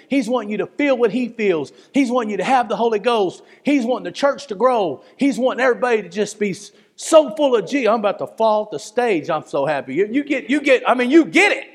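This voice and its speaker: A man preaching with a very high voice and fervent emotion. He moves from loud pleading to hushed tones. His words ring out with long reverb in a church hall. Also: expressive, brisk, few pauses. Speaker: pastor. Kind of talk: sermon.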